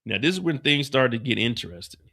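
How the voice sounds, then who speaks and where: Male host for a casual recap stream, animated and cussing freely, bright forceful voice. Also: medium pitch, fast, vocal fry. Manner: animated, profane, slangy. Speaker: livestream host.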